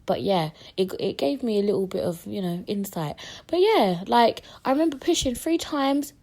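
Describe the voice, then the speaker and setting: A woman's voice: mid-range voice, normal speed. A young woman, hosting a podcast and telling stories in a casual way, acting out the voices of the people she quotes. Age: young adult. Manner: animated, acts out quoted voices. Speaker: podcast host. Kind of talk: casual storytelling.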